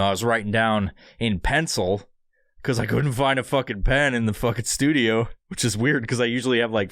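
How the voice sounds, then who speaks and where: A man's voice: medium pitch, a bit bright, dry recording. A man hosting a solo podcast from a studio, rambling and swearing through a sponsor read. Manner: rambling, profane, sarcastic. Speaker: podcast host.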